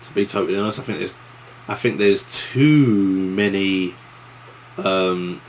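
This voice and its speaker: A man's voice: low voice, measured pace, a little hiss or hum. A young man with an East London accent, answering viewer questions in a casual vlog, rambling with many restarts.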